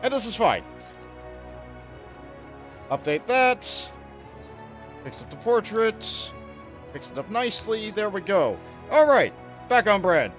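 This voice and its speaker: A man's voice: high voice, big pitch swings, slow, long pauses, a bit bright, soft background music. A man streaming a game, chatting casually and laughing often in a self-mocking way as he plays. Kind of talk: casual gameplay commentary.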